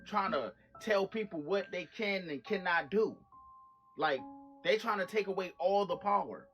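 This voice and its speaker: A man's voice: sits high, a little slow, a bit bright, soft background music. A man delivering a casual, blunt rant to camera in an indignant, slangy way. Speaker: social media commentator.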